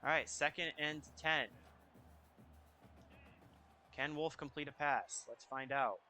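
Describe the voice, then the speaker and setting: A young man giving casual, excitable commentary over a football video game, reacting out loud to each play. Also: a little high, slow pace. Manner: excitable, reacting loudly to plays. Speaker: gaming YouTuber. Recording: faint music behind.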